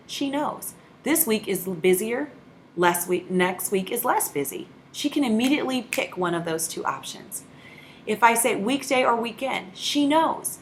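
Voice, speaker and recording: A woman giving a sales training talk, acting out both sides of phone calls in a lively way. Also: medium pitch, a little hiss or hum.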